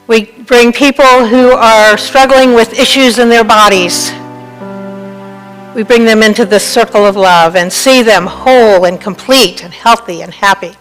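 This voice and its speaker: A high, bright-voiced woman minister speaks slowly. She laughs through her storytelling and turns soft and calm when she leads prayer, with faint music behind her in a church. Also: poor audio. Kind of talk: sermon joke and guided prayer. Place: church sanctuary.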